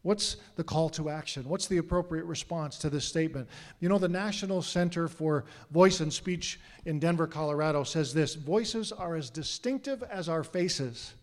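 A man's voice: fairly high pitch, normal speed. A middle-aged man, a pastor, preaching a sermon earnestly and asking the congregation questions. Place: church sanctuary. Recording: long hall reverb.

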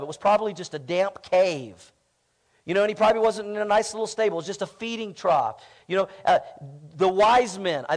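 A pastor with a notably high voice for a man. He preaches in a loose, conversational way, telling a personal story and then building to emphatic, declarative lines.

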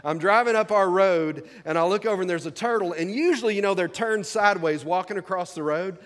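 A man's voice: sits high, brisk, fairly bright tone. Folksy male pastor in a reverberant hall. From rural American South. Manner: folksy, conversational, asks the congregation questions. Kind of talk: sermon.

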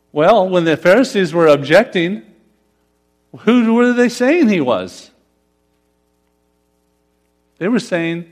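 A man's voice: sits high, animated, takes it slowly, pauses often. A pastor preaching a conversational sermon, putting questions to his congregation. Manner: conversational, asks the congregation questions, laughs often.

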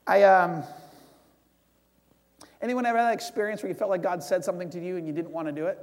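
A man with a high voice preaches a sermon. He talks to the congregation as if chatting, leads them in prayer and slips into short acted-out lines of dialogue. His voice rings with the long echo of a big church hall. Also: fairly even intonation, fast, darkish tone.

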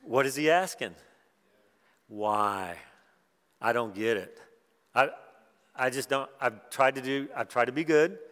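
A preacher voicing a bewildered young prisoner. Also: male voice, medium pitch, a bit bright, long reverb tail, close to an everyday voice. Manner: halting, bewildered questioning. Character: despairing young man in prison, pleading with God.

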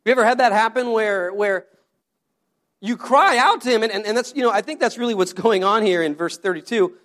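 A man's voice: high voice, brisk, fairly bright tone. A male pastor giving a conversational sermon, asking the congregation questions and often repeating his words.

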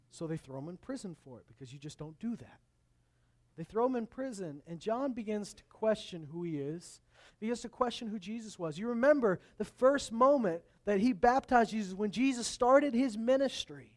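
A male pastor preaching a sermon, rising to booming scripture quotes and dropping to quiet asides. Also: animated, moderate pace. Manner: wide swings in loudness, booming when quoting scripture, dropping low for asides.

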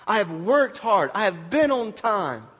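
A preacher acting out a bitter, resentful older brother, loud and exasperated, with a husky voice in a reverberant hall. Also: male voice, high voice, animated, unhurried, full character voice. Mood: indignant. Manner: loud, indignant, exasperated outbursts.

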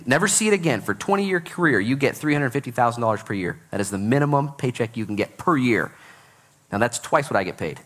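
A man in his thirties preaching a sermon in a church, telling stories with jokes at his own expense. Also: medium pitch. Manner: animated storytelling with self-deprecating jokes. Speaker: pastor. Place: church sanctuary.

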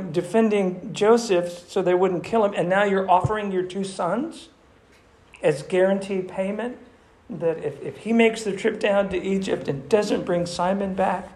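A male preacher tells a scripture story with animated emphasis, and his voice is fairly high for a man, with a gravelly edge. He preaches in a lively sermon style. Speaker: pastor. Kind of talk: sermon, reading and retelling scripture.

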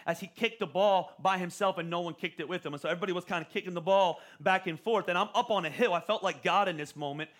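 A pastor in his forties preaches in a relaxed, conversational way, often restarting phrases with repeated words. His voice sits high for a man and sounds bright and forward. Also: fast talker, few pauses. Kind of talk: sermon.

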